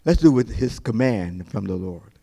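A man's voice: fairly low pitch, animated, normal speed, vocal fry, dark tone. A man preaching a sermon as pastor, in a conversational way with frequent restarts and playful acted-out asides.

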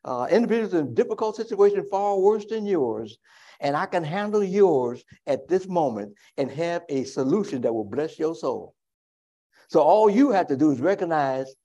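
A male pastor preaching a sermon. He climbs into loud, high preaching and then falls back to quiet, reflective asides. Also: expressive, normal speed.

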